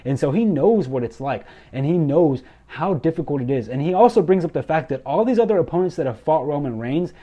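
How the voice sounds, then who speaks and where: A young man excitedly recapping a wrestling show, gushing and repeating himself as he goes. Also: a little high, fairly quick, hardly any pauses. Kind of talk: enthusiastic recap commentary.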